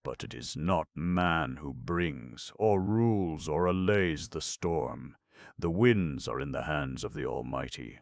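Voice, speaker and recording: Deep, gravelly male narrator for a classic melodrama audiobook, measured and dramatic. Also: dry recording, studio quality. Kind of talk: scripted narration of a melodrama novel.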